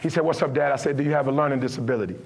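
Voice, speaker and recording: A man's voice: medium pitch, rapid-fire, vocal fry. A middle-aged man giving a motivational speech, telling stories with acted-out dialogue and building to impassioned preaching. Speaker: motivational speaker.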